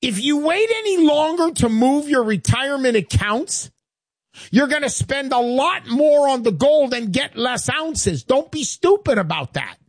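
A man hosting a radio show, pushing a product in a brash, hard-selling voice that swings up and down in pitch. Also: lively intonation, a little slow, no room sound, clean studio sound. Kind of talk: pushy sales pitch radio talk.

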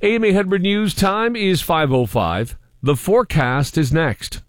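A man's voice: high voice, lively intonation, a little slow, a little hiss or hum. Man reading radio weather. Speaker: newsreader. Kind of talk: radio news and weather read.

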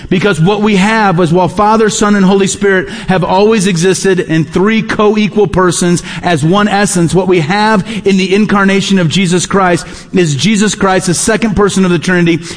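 A man's voice: high-pitched, steady tone, normal speed, hardly any pauses, in a large hall. A man preaching a sermon, emphatic and repeating his key phrases. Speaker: pastor.

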